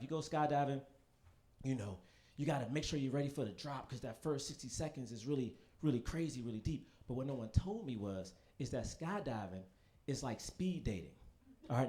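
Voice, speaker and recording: Animated high-voiced young man doing stand-up. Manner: animated, profane storytelling with quick asides to the crowd. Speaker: stand-up comedian. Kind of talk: stand-up comedy set. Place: comedy stage in front of a live audience.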